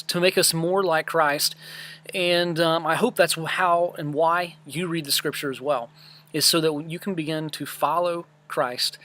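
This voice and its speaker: A camp director recapping a Bible study class in a relaxed, earnest way, with many fillers and restarts. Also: male voice, on the high side, dry recording.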